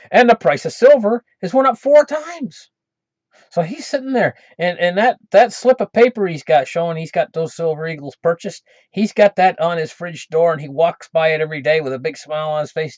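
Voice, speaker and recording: A man's voice: fairly high pitch, no room sound. A man casually telling a folksy, rambling cautionary story for his channel, chuckling often, in a dull lo-fi recording. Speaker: channel host.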